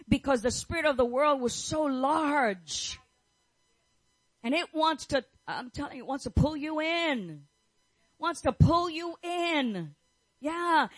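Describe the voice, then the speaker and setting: A woman's voice: sits high, a bit bright, no room sound, poor audio. A middle-aged woman preaching a fervent sermon, declaring and repeating her phrases as she prays over the listeners. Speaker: pastor's wife preaching.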